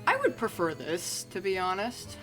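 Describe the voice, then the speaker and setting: A woman's voice: mid-range voice, huge pitch swings, moderate pace, faint music behind. A woman streamer giving casual, joking commentary as she plays, swearing freely and talking to herself.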